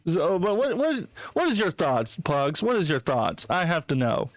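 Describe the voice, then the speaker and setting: A man hosting a casual podcast chat, talking in a profane, incredulous and excitable way. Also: fairly high pitch, moderate pace, no echo. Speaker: podcast host.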